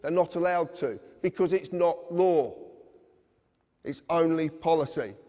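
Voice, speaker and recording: In a long-reverb hall, a man lectures a live audience earnestly and insistently, talking directly to them. His voice is a little high and mellow, and he doesn't rush.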